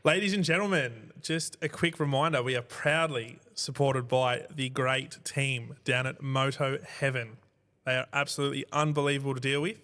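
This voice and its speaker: A man's voice: medium pitch, steady tone, normal speed, sharp tone. A man co-hosting a podcast, reacting in short bursts and reading an upbeat sponsor plug. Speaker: podcast co-host. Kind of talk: casual chat with a sponsor read.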